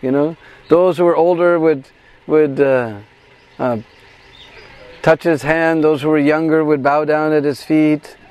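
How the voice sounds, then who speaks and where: A man guiding a pilgrimage, telling a devotional story in an animated way and acting out the quoted voices. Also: fairly high pitch, measured pace, long pauses. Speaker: pilgrimage guide and devotional speaker. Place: at a shrine on pilgrimage.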